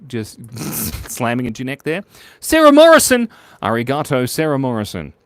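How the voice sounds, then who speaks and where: A man live-streaming while drawing, chatting playfully, muttering quietly as he works and jumping to squeaky, excited highs. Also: moderate pace, no echo. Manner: playful, jumps to squeaky high bursts of excitement.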